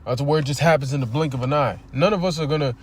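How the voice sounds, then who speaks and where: A man's voice: fairly high pitch, rapid-fire. A man preaching informally on a livestream near a street. He reads scripture aloud, asks his listeners rhetorical questions and swears bluntly as he drives his points home. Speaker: preacher streaming a scripture teaching.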